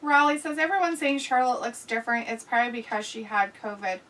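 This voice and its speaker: A woman's voice: on the high side, steady tone, fast talker, a bit bright, recorded from a distance, low-quality recording. A woman hosting a casual live stream, reading viewer comments aloud and reacting with blunt, crude jokes and frequent laughter. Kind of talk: casual, profane watch-along chat.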